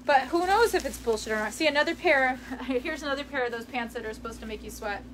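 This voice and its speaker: A woman's voice: high voice, brisk, few pauses, fairly bright tone, a little hiss or hum. A young woman from the United States chatting casually with her viewers, rambling and giggling as she sorts through old clothes in her parents' house. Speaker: vlogger. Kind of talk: casual chat reading live comments.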